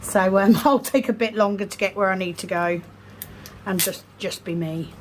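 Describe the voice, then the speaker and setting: A woman chats casually on her vlog as she sorts craft supplies at home. She is self-deprecating and reads numbers out slowly under her breath. Her voice sits at a middle pitch, and a steady hiss runs underneath. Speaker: vlogger. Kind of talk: casual chat while sorting craft supplies. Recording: noisy background hiss.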